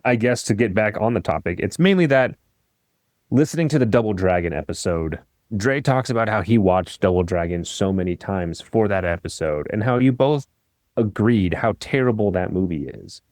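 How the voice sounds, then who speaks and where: A man's voice: lowish voice, animated, normal speed, a little mellow, no room sound, clean studio sound. A man who is a guest on a podcast, airing his grievances in an earnest, teasing way. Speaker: guest, producer. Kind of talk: casual podcast chat.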